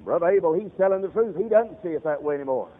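A male preacher delivering a fiery, storytelling sermon, calling out to his congregation directly. His voice sits high, and the sound is thin and tinny, like a radio broadcast. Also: lively intonation, quick pace, in a large hall.

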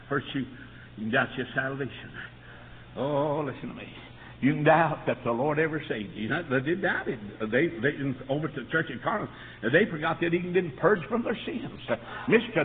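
A middle-aged man with a North Carolina accent preaching a fiery revival sermon, telling folksy stories and breaking into shouts and whoops. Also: on the high side. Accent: Southern US, North Carolina. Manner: shouts and whoops, swings from quiet storytelling to loud preaching. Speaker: Baptist preacher. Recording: tinny lo-fi echoey hall recording, faint hiss.

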